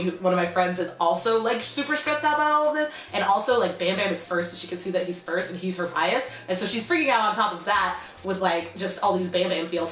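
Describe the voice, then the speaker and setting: A young American woman telling a rambling, animated storytime in a casual vlog, full of "like" and "you know". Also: mid-range voice. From United States. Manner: animated, rambling, heavy use of "like". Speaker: vlogger. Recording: roomy echo with faint music.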